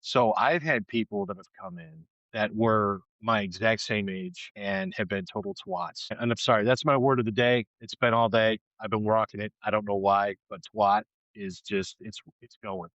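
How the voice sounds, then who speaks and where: Man, late forties, gravelly voice, laid-back chat, casual swearing, dull lo-fi sound. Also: on the low side, expressive, normal speed, hardly any pauses, a bit bright, no room sound. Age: 40s. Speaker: podcast co-host.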